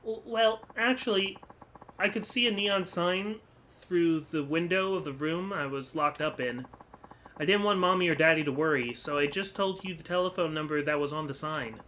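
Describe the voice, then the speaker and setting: A man's voice: fairly high pitch, normal speed, sharp tone, slight background noise, pitched above the performer's own voice, rough recording. A man voicing a timid, stammering little boy. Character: scared little boy, a young kidnap victim.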